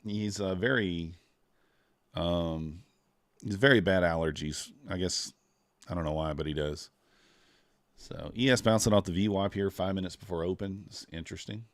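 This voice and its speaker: Yawning and worn out, a low-voiced futures trader drawls through laid-back live-stream commentary and says hello to people in the chat. He keeps a moderate pace, and the recording is dry with clean studio sound.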